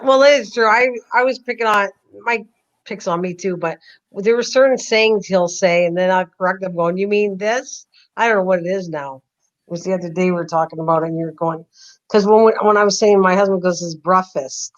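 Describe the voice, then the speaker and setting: A woman's voice: mid-range voice, a little fast. A woman hosting a livestream chat, rambling and laughing easily about herself. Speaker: livestream host. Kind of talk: casual chat. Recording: dull lo-fi stream audio.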